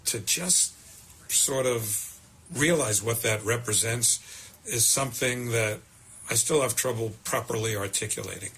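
An older man, a veteran baseball broadcaster telling stories in an interview, measured and warmly reflective. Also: mid-range voice, slightly rough. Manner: measured, animated when quoting himself.

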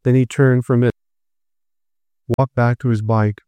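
Male storyteller, smooth and resonant, dry close sound, measured reading. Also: medium pitch, little pitch movement, mellow, no echo. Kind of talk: first-person story narration.

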